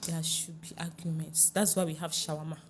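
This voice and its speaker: On a podcast, a middle-aged Nigerian woman who works as a relationship coach is interviewed, speaking with energy, laughing often and checking whether the listener understands. Her voice is low, slightly rough and fairly quick, with faint music in the background.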